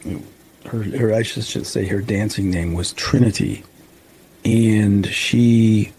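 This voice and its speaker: A man in his fifties from the Chicago suburbs, a paranormal investigator telling a story in a rambling, halting way with restarts. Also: on the low side, mellow, slightly rough, rough recording. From Chicago suburbs, USA. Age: 50s. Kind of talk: casual storytelling interview.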